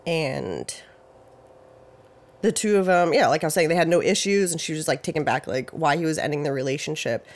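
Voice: mid-range voice, fairly quick. A podcast host casually retelling a true-crime case, talking loosely with lots of "like" and "you know" and hedging details with "I think" and "I believe". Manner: hedges facts with "I think" and "I believe".

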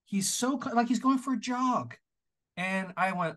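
A man from Canada co-hosting a podcast, talking in an animated, exasperated way with plenty of swearing. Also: high-pitched, measured pace. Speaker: podcast co-host. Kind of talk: casual podcast chat.

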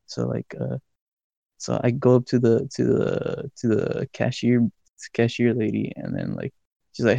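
A man's voice: mid-range voice, lively intonation, normal speed, creaky, dark tone, no room sound, muffled recording. A young man casually telling a story on a podcast, rambling and swearing a lot. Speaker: podcast co-host.

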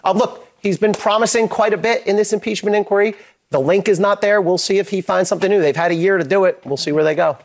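A guest commentator giving a calm, cautious legal and political analysis, repeating that time will tell. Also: medium pitch, quick pace. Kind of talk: measured analysis.

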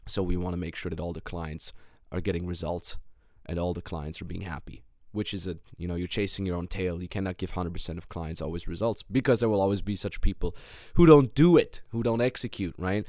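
A man's voice: sits low, steady tone, brisk, a little mellow, no echo, clean studio sound. A man hosting a business coaching podcast, talking in a blunt, heated monologue. He swears a lot and repeats words and restarts when worked up.

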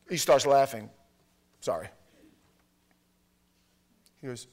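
Animated storytelling male preacher. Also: medium pitch, normal speed. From New York. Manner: animated, builds to loud shouted punchlines; conversational, frequent restarts and fillers. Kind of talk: storytelling sermon.

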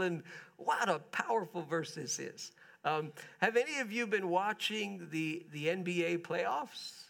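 A man preaching a sermon in a relaxed, conversational way, asking his listeners questions as he goes. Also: high voice, unhurried, creaky. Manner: conversational, chatty with the congregation, asks them questions. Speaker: pastor.

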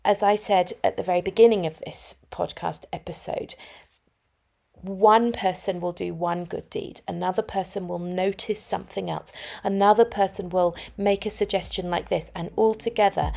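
A woman's voice: lowish voice, steady tone, normal speed, gravelly, warm tone. A woman hosting her own podcast, telling personal stories in a reflective, anecdotal way from home. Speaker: podcast host. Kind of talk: solo podcast talk.

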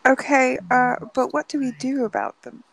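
Woman player, tabletop game role-play, raised voice, gravelly, slow, hesitant, dry sound. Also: high-pitched, fairly bright tone, rough recording. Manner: hesitant, many ums, wry.

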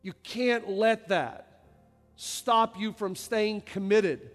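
High-voiced preacher in a reverberant hall. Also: male voice, extremely slow. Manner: swings from quiet low lines to loud shouted passages. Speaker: pastor. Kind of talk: sermon. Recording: reverberant hall with faint music.

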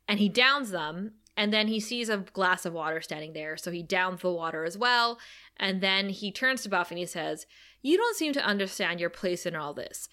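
A woman with a bright, forceful voice, chatting casually as a co-host. She retells scenes with lively energy and drops into a lower voice whenever she quotes a character. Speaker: podcast co-host recapping a TV episode. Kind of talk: casual chat.

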